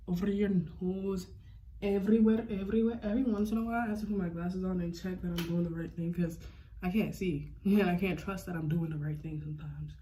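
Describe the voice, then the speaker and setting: Casual vlogger: young woman, low-ish mellow voice, slangy and rambling. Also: a little hiss or hum. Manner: slangy, rambling, fills with "like" constantly. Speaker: beauty vlogger. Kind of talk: casual makeup tutorial chat.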